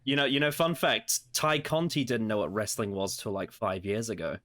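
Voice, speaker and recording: A man with a fairly low voice trades jokes and swear words with friends on a voice call. He laughs often and talks loosely, as a podcast co-host would. His voice sounds dry and close to the mic. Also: moderate pace, a bit bright, dry recording. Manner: swearing, joking and laughing a lot. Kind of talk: casual chat on a group call.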